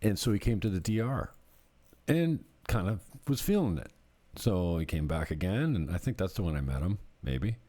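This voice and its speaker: Deep-voiced man rambling as a realtor. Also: sing-song, normal speed, dark tone. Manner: rambling, jokey storytelling with laughs. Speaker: real estate agent. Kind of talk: casual vlog chat.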